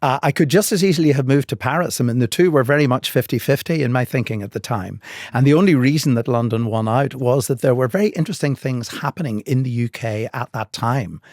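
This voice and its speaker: An older man with a Northern Irish accent tells his career stories in a podcast interview, measured and articulate, with a dry wit. His voice sits at an ordinary pitch. The sound is dry and close, with no room around it. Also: darkish tone, no room sound. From Northern Ireland. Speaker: guest.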